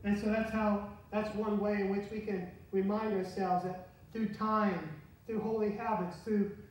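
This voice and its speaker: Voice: mid-range voice, level tone, unhurried. A pastor giving a conversational sermon, asking the congregation questions as he goes. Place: church sanctuary. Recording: very echoey church from far off, faint hiss.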